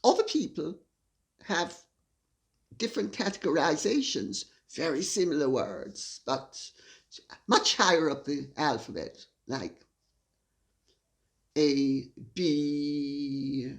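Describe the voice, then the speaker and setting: A woman's voice: sits low, expressive, slow, pauses often. A woman hosting a solo commentary monologue, speaking in an arch, wry, theatrical way. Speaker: host.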